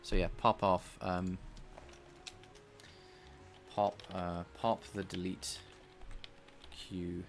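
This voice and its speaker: A man with a slightly nasal voice, thinking out loud as he codes live and talks to his chat. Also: sits low, flat delivery, drawn-out words, long pauses, faint music behind. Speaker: game developer streaming his coding. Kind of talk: casual live-coding chat.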